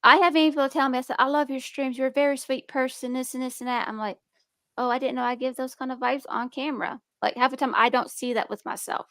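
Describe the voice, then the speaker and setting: A young woman with a slight speech impediment chats on stream in a higher-pitched, rambling way. She keeps restarting her sentences. Her voice sounds close and dry, with no room echo. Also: fairly even intonation, fast talker, a bit bright. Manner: rambling, restarts, talks about being nervous and defensive. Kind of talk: casual chat.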